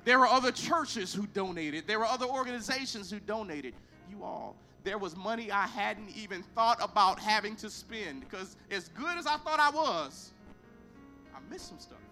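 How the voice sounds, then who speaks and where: High-voiced, bright preacher man. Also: moderate pace, soft background music. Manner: animated, acts out both sides of conversations, emphatic. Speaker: pastor. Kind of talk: storytelling sermon.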